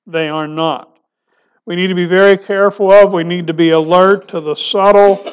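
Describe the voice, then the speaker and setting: A male pastor preaching a sermon, asking rhetorical questions and dropping his voice soft for emphasis. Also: sits high.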